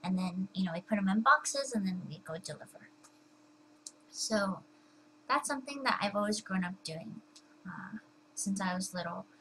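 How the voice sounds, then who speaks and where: A woman's voice: medium pitch, animated, normal speed, pauses often, fairly bright tone, a little hiss or hum, poor audio. A young woman talking casually to the camera at home, chatty and full of fillers and restarts. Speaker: vlogger.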